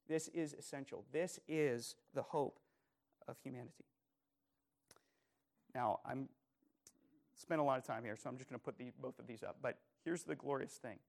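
A male pastor delivering a sermon in a voice pitched a little above the usual. He preaches earnestly, leaning hard on key words, then sinking to hushed phrases. He keeps putting questions straight to his listeners. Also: normal speed, vocal fry, long pauses. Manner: earnest, emphatic, asks the congregation repeated questions; swings from loud emphasis to soft, quiet phrases.

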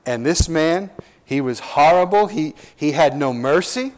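A man preaching an expository sermon as pastor, earnest and emphatic, with slow drawn-out stresses and rhetorical questions. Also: a little high, lively intonation.

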